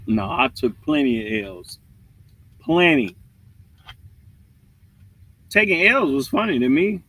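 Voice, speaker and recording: A man's voice: high voice, takes it slowly, creaky, long pauses, slightly rough, no echo. A man hosting a livestream, giving a casual, preachy rant with jokes. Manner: animated, preachy, joking. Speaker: livestream host.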